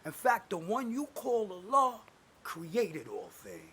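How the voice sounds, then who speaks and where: A man delivering an angry, preachy religious rant to camera, cursing and swinging between booming declarations and muttered asides. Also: huge pitch swings, slow pace, sharp tone, a little hiss or hum. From United States. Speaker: self-styled prophet posting online videos.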